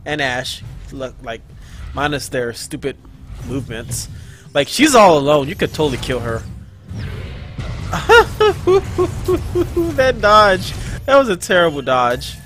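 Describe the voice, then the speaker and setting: Excitable, swearing gamer. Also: male voice, on the high side, faint music behind. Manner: excitable, profane, quick to frustration. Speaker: gaming channel host. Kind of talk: live gameplay commentary.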